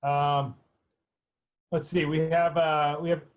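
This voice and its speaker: A man answering interview questions in a relaxed way, pausing often with fillers as he recalls things. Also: fairly high pitch, low-quality recording. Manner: hesitant, many fillers and restarts. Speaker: race director.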